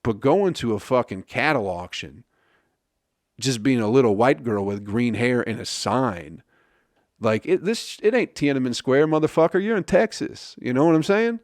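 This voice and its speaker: On his own podcast, a man rambles through a comedic story in a loose monologue, swearing freely and cracking himself up. He talks at a normal speed in a mid-range voice with lively intonation. The sound is clean studio audio without any echo.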